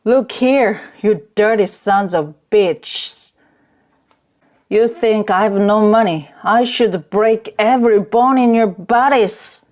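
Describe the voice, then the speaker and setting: A woman's voice: mid-range voice, slow pace, darkish tone, close to an everyday voice. A woman reading an audiobook, voicing a drunk middle-aged rickshaw man who bellows and blusters between rage and grief. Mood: drunken rage.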